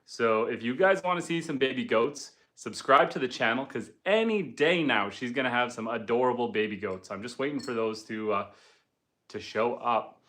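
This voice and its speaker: Bright-voiced homesteader chatting on a livestream. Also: male voice, medium pitch, animated, moderate pace. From Canada. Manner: easygoing, chatty, with frequent ums and uhs. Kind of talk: casual livestream chat, reading viewer comments. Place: indoors at home by a wood stove fire.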